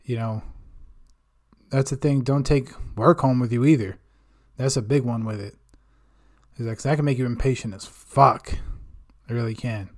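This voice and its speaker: A man's voice: mid-range voice, normal speed, long pauses, a little mellow. A man hosting a podcast segment, talking casually in a rambling, self-mocking way and swearing constantly. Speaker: podcast host. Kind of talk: casual profane monologue.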